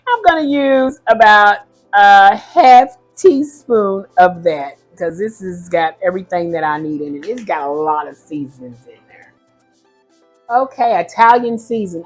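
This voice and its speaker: A woman's voice: medium pitch, breathy edge, low-quality recording. A woman hosting a casual home cooking demonstration in her kitchen, chatty and rambling, often correcting herself mid-sentence. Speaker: home cooking video host.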